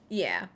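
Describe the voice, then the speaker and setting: A woman chatting casually on her livestream in a rambling, sarcastic way, heavy on fillers and restarts. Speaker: streamer.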